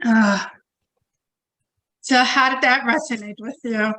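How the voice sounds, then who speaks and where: Woman giving a slow channeled blessing. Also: a little high, steady tone, sharp tone. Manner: slow, chanted light-language blessing.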